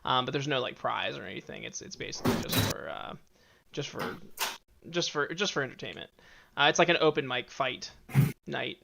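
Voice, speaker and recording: A man running a tabletop game as game master, talking in a halting way with many fillers and restarts and frequent laughter. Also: medium pitch, creaky, heavy background noise. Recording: dull lo-fi audio.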